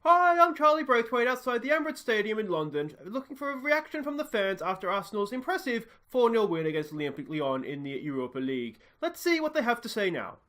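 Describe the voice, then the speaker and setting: A man's voice: sits high, big pitch swings, fast talker, hardly any pauses, voice pushed up. A man doing a perky TV street reporter. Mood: chipper. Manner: bright presenter patter. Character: upbeat male TV street reporter.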